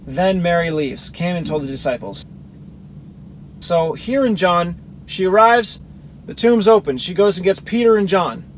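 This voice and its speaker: A man's voice: high-pitched, expressive, a little slow, a little hiss or hum, rough recording. A man reading Bible verses aloud and explaining them, comparing the gospel accounts as a teacher. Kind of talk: scripture reading with commentary.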